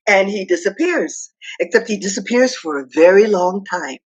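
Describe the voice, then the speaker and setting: A woman from Hawaii telling a traditional myth slowly and dramatically as a guest speaker. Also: medium pitch, lively intonation, lo-fi sound. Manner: slow, dramatic storytelling that acts out the characters.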